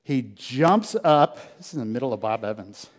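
Male pastor telling a story in a reverberant hall. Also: moderate pace. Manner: animated storyteller, swings from loud bursts to hushed low lines. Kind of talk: sermon storytelling.

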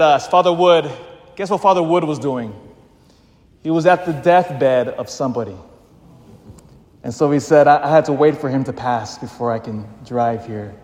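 A man, a parish priest, giving an emphatic, storytelling sermon that slows down for emphasis. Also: on the high side, a little mellow. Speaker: pastor. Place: church. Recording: long church reverb.

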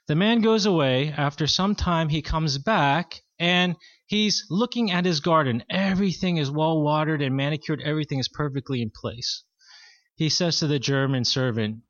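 A man preaching a sermon as pastor, in a measured, earnest teaching manner. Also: on the high side, a bit bright, no echo, muffled recording.

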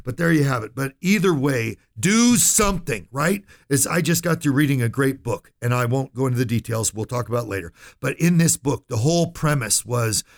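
A man's voice: medium pitch, lively intonation, brisk, vocal fry, hardly any pauses. A man hosting a financial radio talk show, speaking directly to listeners in a folksy, emphatic way and often checking in with "right?" and "okay?".

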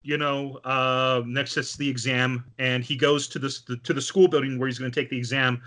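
A man in casual chat, recapping an anime with animated storytelling and lots of fillers. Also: medium pitch, brisk.

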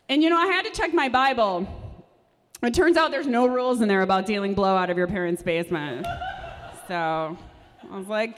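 Woman, young adult, stand-up comic, sardonic, animated pitch, live room reverb. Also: moderate pace. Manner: dry, sardonic delivery. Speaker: stand-up comedian. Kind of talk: stand-up comedy set. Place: performance space at a live show.

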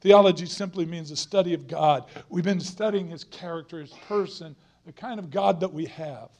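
A man's voice: on the high side, normal speed, a little mellow. A middle-aged man preaching a sermon as a guest preacher, earnest and emphatic, repeating phrases for stress.

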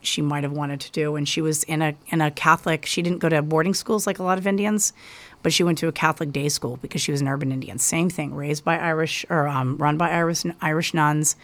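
A guest author talks earnestly and passionately in a casual interview. The voice sits at a middle pitch and often restarts its phrases. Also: fast, a bit bright.

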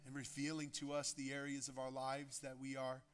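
A pastor preaching a sermon into communion, emphatic and full of rhetorical questions and repeated phrases. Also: male voice, medium pitch, completely flat delivery, a little fast, a little hiss or hum.

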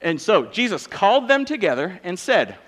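A man's voice: high-pitched, big pitch swings, normal speed, fairly bright tone, big-room sound. A man in his thirties preaching a sermon in a casual, joking, self-deprecating manner. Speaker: pastor.

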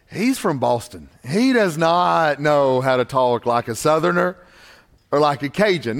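A man's voice: medium pitch, big pitch swings, normal speed, fairly bright tone. A man preaching a sermon, building his points through repeated refrains. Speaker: pastor.

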